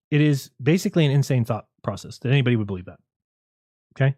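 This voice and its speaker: Fast, sarcastic man ranting on a stream. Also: medium pitch, lively intonation, mellow, no room sound. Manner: rapid, argumentative, sarcastic. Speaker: livestream host. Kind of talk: casual livestream monologue.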